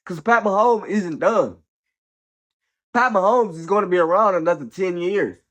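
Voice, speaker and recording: A man with a high-sitting, slightly bright voice hosts a casual football commentary channel at normal speed despite being a little sick. Expect blunt opinions, slang, cursing, and a steady stream of "bro" and "man."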